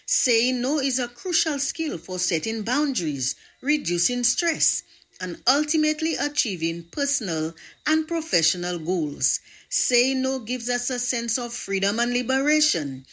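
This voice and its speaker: A woman presenting a scripted radio devotional, reading with expressive storytelling. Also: on the high side, measured pace.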